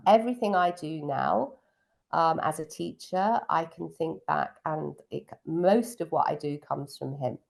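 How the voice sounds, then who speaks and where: A woman's voice: fairly low pitch, vocal fry. A middle-aged woman, a piano teacher, chatting fondly about her student days in an interview, with many ums. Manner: fond, reminiscing, frequent ums. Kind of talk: casual interview chat.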